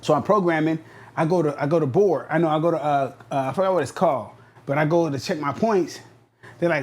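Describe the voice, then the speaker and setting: A man in his thirties from Southern California tells a long story as a podcast guest. He speaks bluntly and slangily, animated and quick to act out what was said. His voice sits a little higher than most men's. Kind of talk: storytelling interview.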